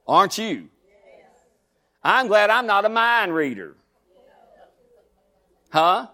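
A pastor preaching a sermon, drawing the congregation in with repeated asides and questions. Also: male voice, high voice, sing-song, takes it slowly, bright, forceful tone. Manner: preaching with call-and-response asides, repeated "huh?" and "listen".

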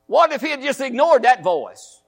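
Male pastor, high voice, folksy sermon that repeats lines and asks the congregation questions. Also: sing-song, normal speed, gravelly.

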